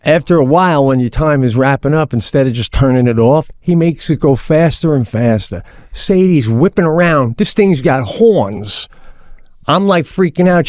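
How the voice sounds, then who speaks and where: A man co-hosting a podcast, telling stories in a casual, animated way and swearing often, on a studio mic. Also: fairly high pitch, no echo. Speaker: podcast co-host. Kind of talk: casual chat.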